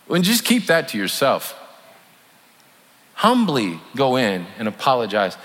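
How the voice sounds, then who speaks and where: With big swings in pitch, this man's slightly bright, mid-range voice moves at a moderate pace. He is a pastor preaching in a folksy, chatty style and playing out sincere apologies as illustrations, while long hall reverb and faint room noise surround him.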